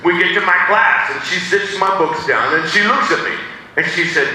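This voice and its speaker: A man's voice: sits high, normal speed. A man pastor telling a first-person story in a sermon, acting out the voices as he goes. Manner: animated, acts out the voices in his story. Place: church sanctuary. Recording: echoey sanctuary, distant mic, faint noise.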